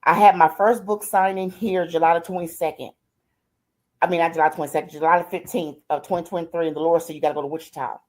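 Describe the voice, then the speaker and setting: A woman's voice: on the low side, steady tone, quick pace. Older woman telling her story earnestly. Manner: heartfelt, repeats "I said" and "she said", colloquial Southern-style grammar. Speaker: guest. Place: live stream interview.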